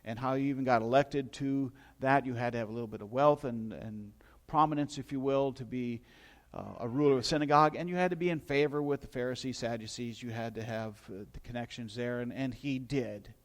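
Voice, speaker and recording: A man's voice: mid-range voice, steady tone, brisk. A middle-aged male pastor preaching a sermon in a conversational storytelling way, with asides to his listeners.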